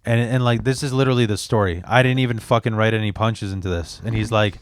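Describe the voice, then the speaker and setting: A man in his thirties hosting a podcast, telling crude stories in a loose, animated way. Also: on the low side, fast talker, few pauses, clear, resonant tone. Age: 30s. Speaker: podcast host. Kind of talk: casual storytelling chat.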